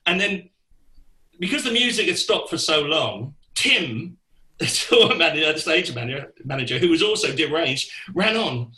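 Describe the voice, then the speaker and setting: Older man, lively anecdote-teller, bright slightly high voice, roomy echo. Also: moderate pace. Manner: animated, acts out quoted voices, laughs through the story. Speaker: guest musician. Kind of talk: anecdotal storytelling.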